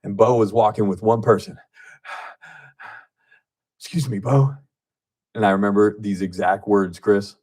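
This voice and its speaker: A man hosting a local radio talk show, telling stories in a casual, animated way, laughing often and acting out what people said. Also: fairly low pitch, fairly quick, few pauses. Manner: animated storyteller, laughs often, acts out quotes. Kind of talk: casual radio chat and storytelling. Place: radio studio.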